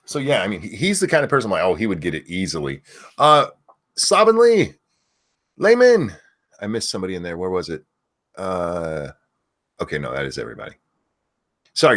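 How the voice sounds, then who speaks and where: A man hosting a casual livestream who loudly yells out viewers' names, then drops back into loose, swearing chatter. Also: lowish voice. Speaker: livestream host.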